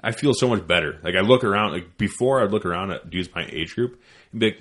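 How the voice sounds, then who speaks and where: Very low-voiced blunt, profane man. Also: fast talker, a bit bright. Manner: blunt, profane, self-deprecating. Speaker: podcast host. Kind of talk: casual chat.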